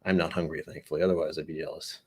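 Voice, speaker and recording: A man's voice: very deep voice, level tone, racing, darkish tone, breathy edge. A young man hosting a casual whiskey livestream, chatting to viewers in a rambling, jokey way. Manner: rambling, jokey, talks to chat viewers by name. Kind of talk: casual live-stream chat reading comments.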